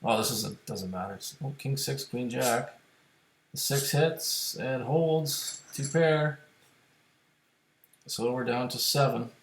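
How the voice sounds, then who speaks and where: Slow and medium-pitched, with vocal fry and long pauses, this man's voice sounds reverberant. He's a poker streamer casually commenting live, reasoning aloud to viewers about his hands and chip stacks as he plays online.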